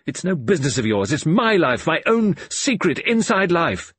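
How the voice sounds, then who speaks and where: A man reading an audiobook voices a proud, secretive young woman in a shrill, raging outburst. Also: very animated, normal speed, a bit bright, breathy edge, dry recording, full character voice. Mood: furious.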